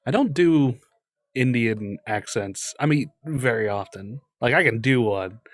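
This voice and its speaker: A man's voice: mid-range voice, animated, a little slow, no room sound, clean studio sound. A man co-hosting a podcast and livestream, chatting casually, joking crudely and laughing often. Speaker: podcast co-host and streamer. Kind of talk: casual chat.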